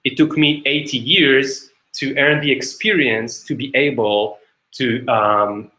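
Dude doing a chill old painter guy, totally sure of himself, bright voice, kinda echoey. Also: medium pitch, slow pace. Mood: unbothered. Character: calm old master painter, self-assured.

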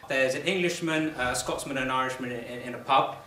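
A man's voice: mid-range voice, fast, pushed and bright, slight background noise. Distant man telling a pub joke on stage. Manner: storytelling, building to a punchline. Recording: distant, echoey, humming room.

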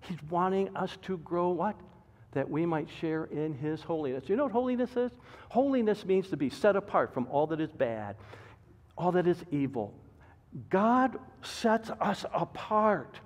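Older man preaching with lively pitch. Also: unhurried. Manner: preaching with sudden loud emphatic bursts and soft asides. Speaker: pastor. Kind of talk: sermon. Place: church sanctuary. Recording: dull reverberant church recording.

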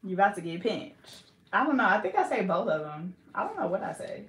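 A woman's voice: medium pitch, sing-song, a little fast, a bit bright, echoey room. A young woman, a hair braider and vlogger, chatting casually and teasing while she works, drawing out words in mock pronunciations.

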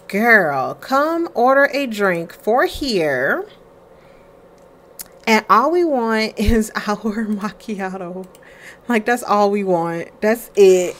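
A woman's voice: medium pitch, lively intonation, takes it slowly, a bit bright. A woman casually commenting on her life-sim game, chatty and playful, talking to her characters. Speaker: let's play streamer.

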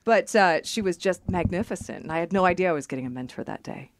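A woman's voice: on the low side, lively intonation, dry recording. A woman guest on a podcast, chatting casually and candidly, swearing freely and laughing often. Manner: candid, profane, quick to laugh.

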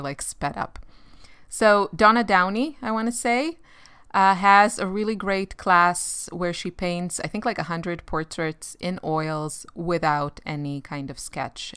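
A woman's voice: low voice, a bit bright, smooth, dry recording. Woman, art vlogger, casual chat, rambling with fillers, laughs a lot, dry close sound. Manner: chatty and rambling, many fillers, laughs often. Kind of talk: casual chat while sketching.

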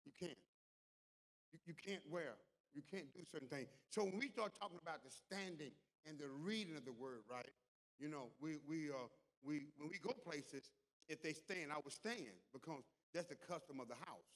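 A pastor delivering a sermon in a church, with call-and-response, repeated words and rising intensity. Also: male voice, a little high, normal speed. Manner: call-and-response preaching, repeats words, builds to loud climax. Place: large church hall. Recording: long hall reverb.

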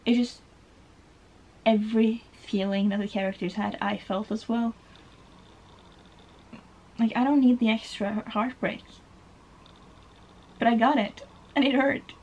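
A young Norwegian book vlogger gushes emotionally about books she loved in a casual book tag video, rambling with plenty of "like"s. Her voice is a little high and darkish, with a steady tone, a little slow pace, and long pauses. The audio sounds dull.

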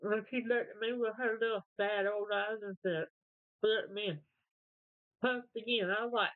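A woman's voice: medium pitch, fairly even intonation, moderate pace, dry recording. A woman chatting casually while eating, telling rambling, folksy stories. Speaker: mukbang vlogger. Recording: tinny, dry phone-like sound.

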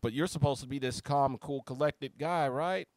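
A man's voice: mid-range voice, normal speed, no room sound. A man delivering a heated, profane reaction rant as a YouTube commentator. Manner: heated, profane, shouty outbursts.

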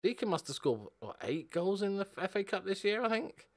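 A young man giving a football video game live commentary, excitable and sweary, moving between quiet muttering and loud outbursts. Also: high voice, fairly quick. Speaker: gaming video host.

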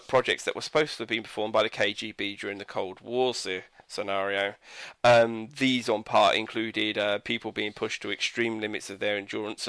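A man's voice: lowish voice, pushed and bright, no echo. A man reviewing a video game in casual commentary, rambling and hesitant, with frequent fillers and self-corrections.

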